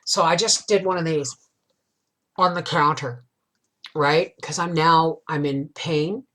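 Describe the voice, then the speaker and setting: A woman's voice: sits low, takes it slowly, a bit bright. Rambling middle-aged woman telling a story. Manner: rambling, emotional, confiding; tag questions like "right?". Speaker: homestead vlogger. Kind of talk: casual storytelling chat.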